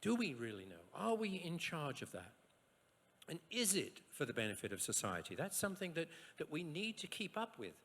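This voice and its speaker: A man from Australia giving a university science lecture, rhetorical and lively, with asides and short jokes. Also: a little high, normal speed. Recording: echoey lecture hall.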